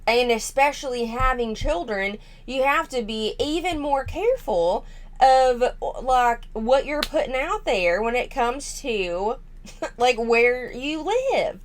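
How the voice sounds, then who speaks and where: A woman's voice: on the high side, slow. A woman hosting a commentary channel, reacting to a family vlog in a frank, unpolished way with lots of fillers.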